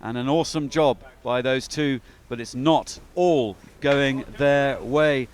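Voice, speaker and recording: A man's voice: mid-range voice, slow, clear, resonant tone. A man giving chatty, upbeat live commentary on a sailing race, with frequent fillers.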